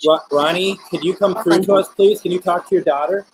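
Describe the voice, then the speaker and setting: A man hosting a live spirit box stream, talking gently with viewers and politely calling on spirits. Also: sits high, steady tone, fast talker, background noise.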